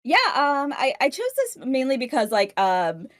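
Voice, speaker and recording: A woman's voice: sits high, very animated, normal speed. A woman co-hosting a podcast in casual chat, giggly and rambling with lots of filler. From United States. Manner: giggly, rambling with many ums. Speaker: podcast co-host.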